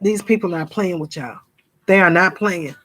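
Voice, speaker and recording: A woman's voice: on the low side, normal speed, fairly bright tone. A woman, talking straight to her viewers in a fervent casual sermon, calling them y'all and now and then mimicking gossiping people. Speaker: spiritual vlogger. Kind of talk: casual preaching monologue to viewers.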